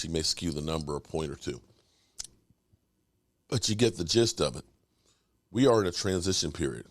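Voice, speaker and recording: A man's voice: low voice, dry recording. A man hosting a sports talk show, giving his casual take on a football team, with frequent fillers. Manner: conversational, talks with many fillers. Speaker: podcast host.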